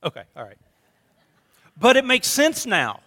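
A man's voice: very high voice, huge pitch swings, unhurried, sharp tone. A middle-aged male pastor preaching a sermon in a conversational, storytelling way with touches of humor. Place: church sanctuary. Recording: long reverb of a church hall.

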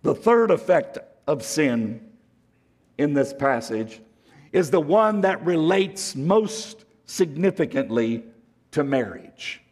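A man preaching a sermon, slow and deliberate, swinging from emphatic highs to hushed lows. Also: animated, long reverb tail. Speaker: pastor.

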